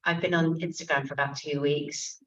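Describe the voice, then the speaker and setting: An English actor and author answering audience questions at a bookshop event, candid and self-mocking, with frequent swearing. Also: female voice, deep voice, fairly even intonation, a little fast, a bit bright. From England. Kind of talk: casual stage conversation. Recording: distant, dull lo-fi room recording.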